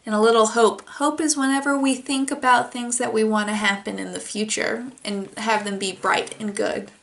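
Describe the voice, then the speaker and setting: A young woman who teaches toddlers, reading a picture book aloud and gently explaining feeling words. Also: fairly high pitch, steady tone, normal speed, gravelly.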